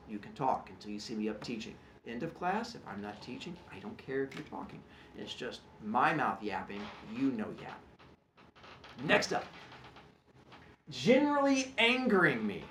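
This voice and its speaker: Animated, jokey male teacher. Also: medium pitch, roomy sound, a little hiss or hum. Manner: animated, jokey, acts out students. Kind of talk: classroom rules explanation.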